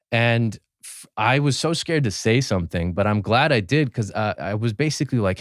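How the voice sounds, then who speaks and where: A man in his twenties, a podcast guest, telling relaxed anecdotes full of fillers and restarts. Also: fairly low pitch, moderate pace, no echo, clean studio sound. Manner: relaxed, anecdotal, many fillers and self-corrections. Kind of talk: casual storytelling chat.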